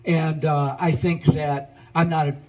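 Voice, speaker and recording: A man's voice: fairly high pitch, level tone, unhurried, a little mellow. A man answering a news interview hesitantly, stopping and restarting often. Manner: hesitant, many fillers and restarts.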